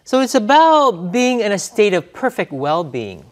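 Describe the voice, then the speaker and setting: A woman co-presenting a scripted vocabulary segment in a bright, expressive reading. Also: mid-range voice, a little slow.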